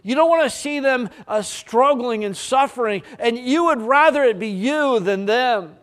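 A man preaching a sermon with fervor, rising to loud emphatic peaks and dropping to quiet, low passages, with halting restarts.

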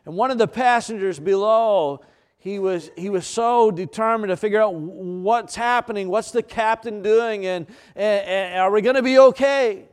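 A male pastor delivering a sermon, leaning on repetition and dramatic pauses to build his points. His voice sits fairly high and sounds smooth and resonant, with occasional fillers and restarts.

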